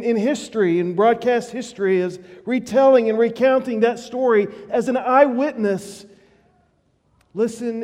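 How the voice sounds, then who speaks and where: A man preaching a sermon as pastor in a church, in a measured, reflective way. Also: high-pitched, darkish tone, big-room sound. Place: church sanctuary.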